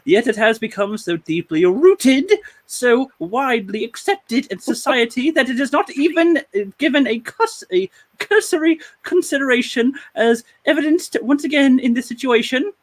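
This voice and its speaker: A man putting on a high, mock-posh British woman's voice to read a protest statement aloud. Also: lively intonation, very slow, pauses often, full character voice. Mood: indignant.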